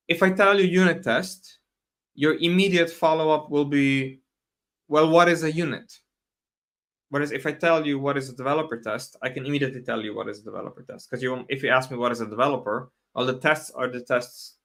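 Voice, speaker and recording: A man with a medium-pitched, sharp voice hosts a live stream talk on software testing. He speaks casually, restarting and correcting himself, adding asides, answering audience and chat questions, and laughing often.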